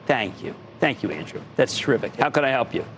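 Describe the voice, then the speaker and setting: An older American man hosting a TV investing show, emphatic and animated, repeating key words and now and then breaking into shouts. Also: medium pitch, brisk, slight background noise. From United States. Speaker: TV stock market show host. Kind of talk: energetic TV investing commentary.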